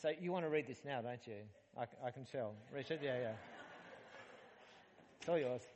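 A man's voice: mid-range voice, normal speed. Man preaching in a reverberant hall. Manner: conversational, humorous, animated preaching with rhetorical questions. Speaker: pastor. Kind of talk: sermon. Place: church hall.

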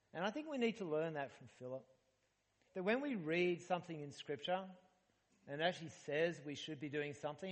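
A man preaches to his congregation in a relaxed, joking manner, full of rhetorical questions. His fairly high voice rings out in a hall with a long reverb. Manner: conversational, humorous, animated preaching with rhetorical questions. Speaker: pastor. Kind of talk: sermon. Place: church hall.

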